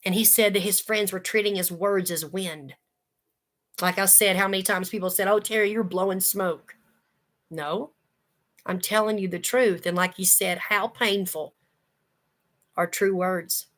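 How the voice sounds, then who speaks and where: A woman's voice: medium pitch, a little slow, a bit bright. A woman giving a casual Bible study talk, conversational and earnest, with folksy asides. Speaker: Bible teacher.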